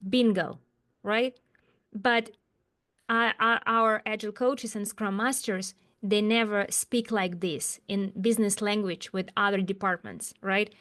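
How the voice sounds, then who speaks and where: A woman speaking as an as an interview guest, talking about her work with emphatic, animated rhetorical questions. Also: mid-range voice, normal speed. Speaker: guest, agile coach. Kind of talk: interview conversation.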